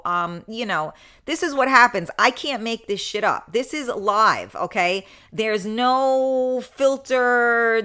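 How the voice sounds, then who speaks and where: A woman's voice: medium pitch, pushed and bright. A woman hosting a live talk show, telling a rambling story in a chatty manner, laughing often and talking to her audience. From New York. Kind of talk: casual live show chat.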